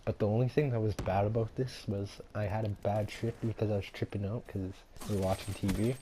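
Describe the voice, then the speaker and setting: A man's voice: lowish voice, steady tone, a little fast, noisy background. A young man telling a story in a casual, rambling way, full of fillers and laughs.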